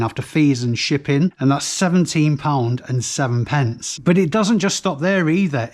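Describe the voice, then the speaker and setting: A chatty man with a Northern English accent talks through his finds in a casual, matter-of-fact way. His voice sits a touch higher than most men's. He reels off set numbers and prices one after another. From North West England. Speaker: reseller vlogger. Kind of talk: casual product rundown to camera.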